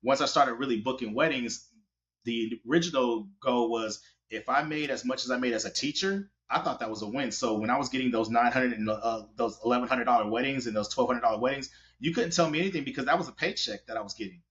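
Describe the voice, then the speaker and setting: A man, a wedding photographer, telling stories in a casual, animated interview. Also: mid-range voice, fast talker, slight background noise. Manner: animated, hustling storyteller. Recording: dull lo-fi audio.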